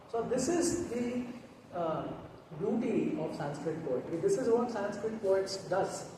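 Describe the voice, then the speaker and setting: A man with an Indian English accent giving a talk on poetry, chanting verses slowly and melodically between explanations. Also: sits high, darkish tone. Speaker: guest speaker on Sanskrit poetry. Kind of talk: lecture with recited Sanskrit verses. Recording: echoey hall, distant mic, noticeable noise.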